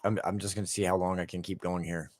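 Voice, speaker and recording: Guy, low voice, dead-dry sound, profane ranting gameplay commentary. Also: level tone, fast talker, no echo. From Canada. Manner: profane, heated ranting with lots of "like". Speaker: gameplay streamer.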